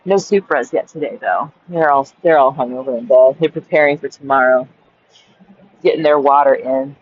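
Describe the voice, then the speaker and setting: A woman's voice: extremely low pitch, normal speed. A woman recording a casual journal-style rant in her car by a busy street, exasperated and swearing, often asking "right?". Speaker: vlogger. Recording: dull lo-fi sound.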